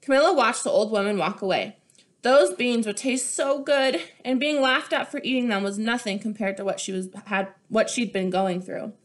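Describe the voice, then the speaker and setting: Young woman, storybook read-aloud, clear and expressive, a bit high. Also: moderate pace. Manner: expressive and clear, showing pages. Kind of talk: reading a picture book aloud.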